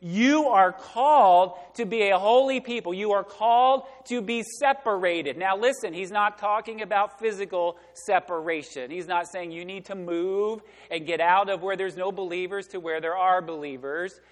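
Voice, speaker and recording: A man preaching a sermon as pastor, asking the congregation questions and swinging between loud emphasis and hushed asides. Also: sits high, moderate pace, few pauses, in a large hall. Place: church sanctuary.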